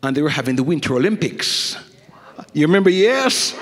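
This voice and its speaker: A middle-aged man preaching a sermon as a guest preacher, swinging from animated storytelling to hushed intensity. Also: fairly high pitch, a little fast. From Jamaica. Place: church sanctuary. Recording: echoey church hall.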